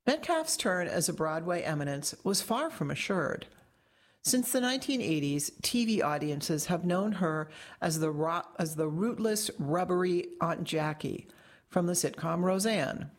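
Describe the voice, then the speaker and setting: A woman reads a long-form article aloud in scripted narration. Her voice sits a little low for a woman. The delivery is measured and articulate. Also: animated. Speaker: narrator reading a magazine article.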